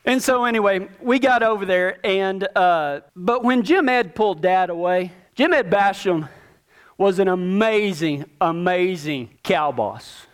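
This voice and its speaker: A man's voice: high voice, lively intonation, a little slow, clean tone. A man, telling a ranch story in a folksy, plainspoken way. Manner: folksy, plainspoken, with repetitions and rural phrasing. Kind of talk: casual spoken storytelling.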